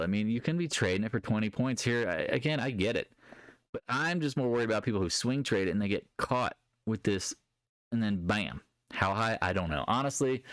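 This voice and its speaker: A man talking through a daily market recap in a loose, blunt way, with plenty of laughing asides and exasperation. His voice sits on the lower side, smooth and resonant. The sound is dry and close, with no room around it. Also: a bit bright, dry recording. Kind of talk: casual market commentary.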